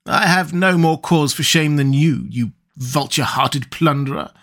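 A man's voice: moderate pace, a bit bright. A man voicing a scheming young nobleman, speaking heatedly and raised above his narrating voice. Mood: scornful. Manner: heated, accusing, higher than the narration. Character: scheming young male nobleman thief, quick-tongued. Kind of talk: audiobook character reading.

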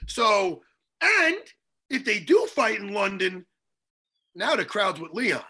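A man's voice: sits high, slow pace, slightly rough. A man in a casual chat who swears freely, tells stories and teases his friends. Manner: profane, animated, joking.

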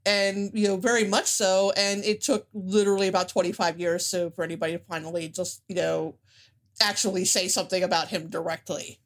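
A woman's voice: on the low side, fairly even intonation, brisk. A woman co-hosting a casual film podcast, thoughtful, with frequent restarts. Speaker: podcast co-host.

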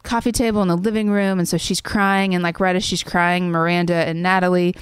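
A woman's voice: lowish voice, flat delivery, brisk, smooth, no echo. A woman in her thirties telling a personal story in a casual interview, earnest and full of fillers. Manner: chatty, many "like" fillers, earnest. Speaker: songwriter guest.

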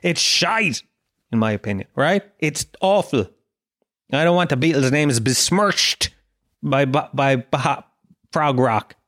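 Irish guy ranting on his podcast, kinda high voice, swears a lot, all worked up. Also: slow pace. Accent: Irish, Dublin. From Ireland. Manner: animated, swearing, mock-indignant. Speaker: podcast host. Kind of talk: casual solo podcast rant.

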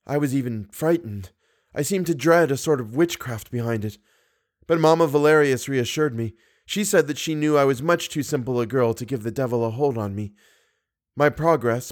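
A man reading the part of a devoted, fearful young woman singer in a measured, earnest audiobook reading. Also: mid-range voice, darkish tone, lightly acted.

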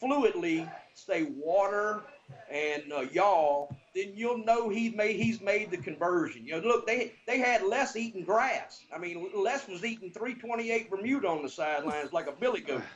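A man with a Southern American accent giving betting lines in casual sports talk, halting with many fillers. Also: high voice, animated, muffled recording.

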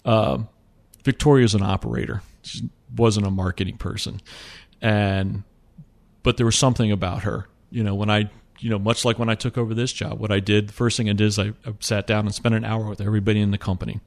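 A man who runs a company, talking casually in an interview, relaxed and rambling with lots of fillers. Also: lowish voice, a little fast, creaky. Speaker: company CEO.

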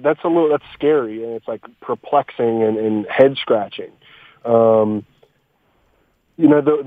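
A man calls in as a guest analyst, speaking slowly and haltingly with frequent "um"s and "you know"s. His voice comes through a thin, tinny phone line that sounds dry and close. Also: mid-range voice, no room sound. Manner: hesitant, many fillers. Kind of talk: casual phone interview.

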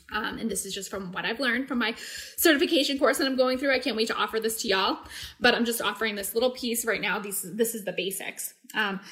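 A woman's voice: on the high side, fairly bright tone. A woman, casually teaching emotional tapping on a live video, rambling with lots of likes and ums, acting out her own venting as she demonstrates. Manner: chatty, rambling, self-interrupting with likes and ums. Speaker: EFT tapping coach.

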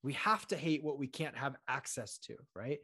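A man with a medium-pitched, slightly breathy voice talks at a normal speed as a podcast guest in a relaxed interview. He's an animated storyteller who performs the voices of the people he quotes, and the recording is dry and studio-quality.

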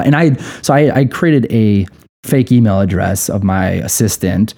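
Male guest, 30s, from Cleveland, low warm voice, profane and laughing storyteller. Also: animated, normal speed, vocal fry. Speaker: podcast guest, coffee company co-founder. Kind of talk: casual storytelling chat.

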